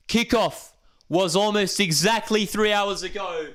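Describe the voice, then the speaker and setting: An excitable man, hosting a live watchalong stream and reading viewer comments aloud. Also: a little high, a little slow, smooth. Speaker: livestream host.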